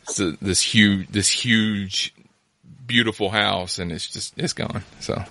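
A man's voice: lowish voice, steady tone, slow pace, bright, forceful tone, slight background noise. A man hosting a casual chat, rambling through asides and laughing easily.

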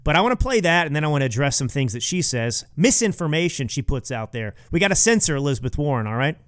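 A man's voice: a little high, very animated, quick pace, a bit bright, a little hiss or hum. A man hosting a political commentary podcast, talking in a sarcastic, mocking way. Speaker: podcast host.

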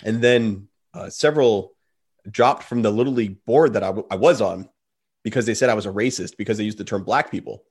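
A man's voice: lowish voice, a little fast, breathy edge. A man hosting a podcast, telling stories in a loose, rambling way full of fillers. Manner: rambling storytelling with many fillers. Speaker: podcast host. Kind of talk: casual interview talk.

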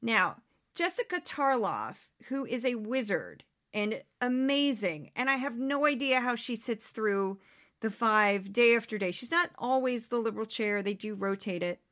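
A woman hosting a political commentary podcast, talking in a sarcastic, animated way and mocking the people she quotes. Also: fairly high pitch, measured pace. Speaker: podcast host. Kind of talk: opinionated commentary.

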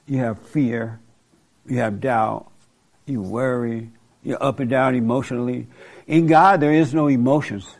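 A man's voice: medium pitch, fairly even intonation, a little slow, creaky, a little mellow. A man preaching informally in a blunt, colloquial way, questioning a listener. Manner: blunt, colloquial, laughs at his own points.

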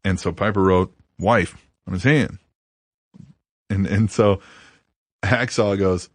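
A man's voice: low-pitched, slow pace, long pauses, no echo. A man co-hosting a casual podcast, crude and laughing as he tells stories and reads listener tweets aloud. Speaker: podcast co-host.

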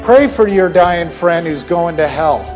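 A middle-aged male preacher with a high voice, delivering a sermon at an unhurried pace. He talks emphatically, jumping from loud stressed words down to quiet asides. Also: lively intonation, faint music behind. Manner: emphatic, with sudden swings in pitch and loudness.

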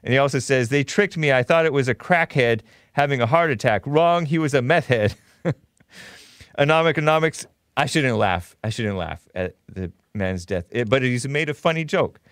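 A man hosting a talk show, reading out viewer chat messages in a sarcastic, animated way and laughing often. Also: medium pitch, moderate pace, no echo, studio quality. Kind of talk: reading live chat and taking calls.

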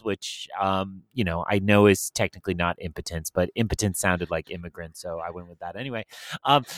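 A man's voice: medium pitch, fairly bright tone, no room sound. A middle-aged man, a podcast co-host reviewing a film, talking in a wry, sarcastic, chatty way with many fillers. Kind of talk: casual chat.

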